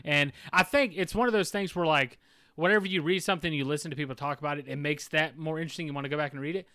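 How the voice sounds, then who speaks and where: Bright, fast-talking podcast host man. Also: on the high side, clean tone, dry recording, clean studio sound. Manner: joking, storytelling. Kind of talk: casual podcast chat.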